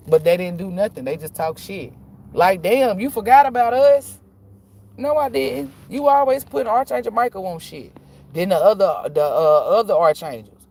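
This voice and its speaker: A low-voiced woman who reads tarot speaks straight to her audience in a loose, unscripted monologue. She is blunt and slangy, and swears freely. She tells her stories in an animated, emphatic way. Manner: profane, emphatic, animated storytelling. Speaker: tarot reader. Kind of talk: casual monologue to viewers.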